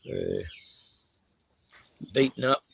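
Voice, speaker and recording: A man's voice: mid-range voice, wildly swooping pitch, very slow, creaky, a bit bright, husky, no room sound. A man with an Australian accent, talking bluntly and heatedly in a casual chat, laughing at his own points. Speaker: podcast host.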